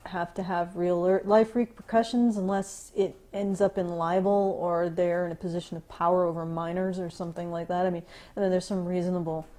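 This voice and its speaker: On this podcast, a woman co-host with a fairly low, mellow voice rants casually, tossing out sarcastic, profane remarks and repeatedly stopping to start over.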